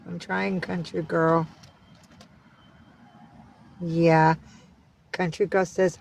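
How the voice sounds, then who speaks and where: A woman's voice: fairly low pitch, little pitch movement, slow, creaky, pauses often, a little mellow, a little hiss or hum, rough recording. A woman on a casual livestream, cooing baby talk to her cats.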